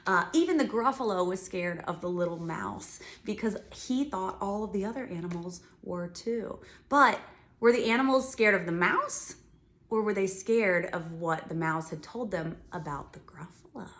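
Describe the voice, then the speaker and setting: A woman music teacher giving a children's music lesson, talking straight to the kids in a bright, encouraging way. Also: medium pitch, moderate pace, slight background noise.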